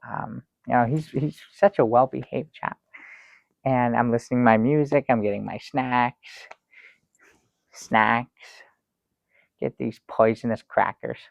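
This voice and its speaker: In improvised comic storytelling, a man plays a fussy, excitable talk show guest recounting a trip, his voice mid-pitched and gravelly. He speaks a little slowly with frequent pauses, rambling and stalling until theatrical exclamations burst out. The sound is dry, slightly dull and lo-fi, without room echo.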